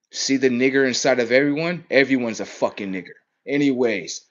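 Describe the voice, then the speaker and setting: A man in a profane, aggressive street rant, cursing and mocking, swinging between loud outbursts and low mutters. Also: a little fast, hardly any pauses, dull audio. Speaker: vlogger.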